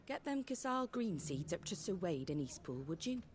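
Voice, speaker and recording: In this video game scene, a practical village matron talks in a blunt, folksy manner and drops her word endings. Her voice sits a little low for a woman. Faint background noise is heard behind it. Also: big pitch swings, normal speed.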